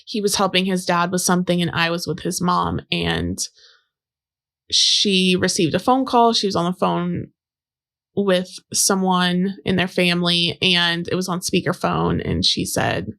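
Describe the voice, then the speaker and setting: A woman's voice: lowish voice, unhurried, creaky, fairly bright tone. A young adult woman telling a personal story about a relationship in a casual, conversational way, with many fillers and quoted exchanges. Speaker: podcast guest.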